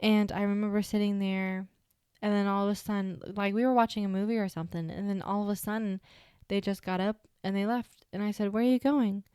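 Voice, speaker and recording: Young woman rambling through her podcast stories, smooth clear voice, dry close mic. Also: medium pitch, steady tone, fairly quick, dark tone, no echo. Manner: chatty, rambling, with many "like" fillers. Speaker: podcast host. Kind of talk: casual solo podcast storytelling.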